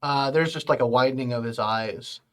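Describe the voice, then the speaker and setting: A male game master calling rolls in a tabletop game, pausing often with fillers and restarts. His voice sits mid-range, unhurried between bursts. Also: mid-range voice. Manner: halting, full of fillers.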